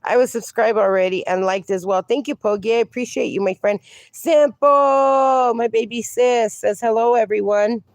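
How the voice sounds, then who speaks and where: A woman's voice: a little high, moderate pace, no echo, clean studio sound. A woman hosting a casual livestream, reading viewer comments aloud and cooing at her dogs, a little sniffly from allergies. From USA. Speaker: livestream host.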